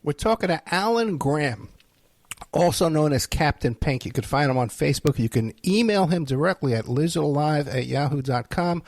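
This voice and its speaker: A man's voice: a little high, lively intonation, moderate pace, darkish tone, dry recording, clean studio sound. A man hosting an interview, introducing his guest with plain talk and many fillers. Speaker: host. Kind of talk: interview host.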